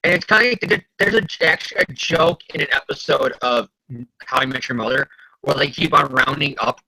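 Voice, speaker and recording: A man co-hosting a casual comic review, excitable and profane, quick to rant. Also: a little high, creaky, no echo, rough recording. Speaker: podcast co-host.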